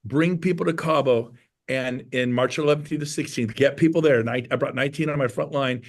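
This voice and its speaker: A man in his fifties from California, a real estate agent on a webinar panel, giving an excitable motivational pitch. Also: brisk. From California, USA.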